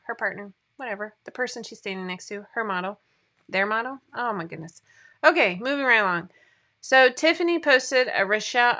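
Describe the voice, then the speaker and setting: A woman's voice: medium pitch, bright, forceful tone. A woman hosting a casual livestream, chatting, rambling and laughing at herself as she reads viewer comments. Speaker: sewing pattern designer hosting a livestream.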